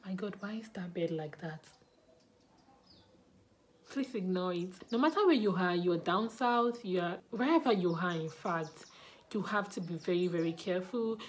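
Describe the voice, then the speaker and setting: A woman's voice: lowish voice, lively intonation, normal speed, slight background noise. A young Nigerian woman with a Nigerian accent, chatting to camera in a casual vlog and repeating words for emphasis. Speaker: vlogger.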